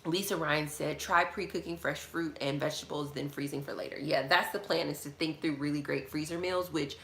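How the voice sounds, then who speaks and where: A woman's voice: deep voice, steady tone, brisk, a bit bright, reverberant, slight background noise. A woman hosting a live question-and-answer chat from her studio apartment, reading out viewer questions and answering them candidly. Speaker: budgeting channel host.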